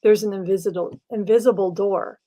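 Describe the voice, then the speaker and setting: A woman's voice: mid-range voice, steady tone, brisk, mellow. A woman in a casual podcast chat, explaining an idea in a chatty way. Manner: explanatory, chatty, uses filler "like". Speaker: podcast co-host.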